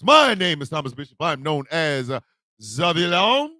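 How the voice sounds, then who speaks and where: A man's voice: a little high, moderate pace, dry recording, clean studio sound. A man hosting a morning radio show, telling a loose, profane story with laughter and acted-out family lines. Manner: animated, laughing, swearing, acts out his family members. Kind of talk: casual storytelling monologue.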